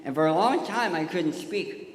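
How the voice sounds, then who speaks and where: A man's voice: high voice, expressive, normal speed. A man with a lisp giving a joking, storytelling talk on a church stage. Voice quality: lisp from tongue surgery. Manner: joking, storytelling, addresses kids. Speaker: touring speaker and singer. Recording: echoey hall with live music.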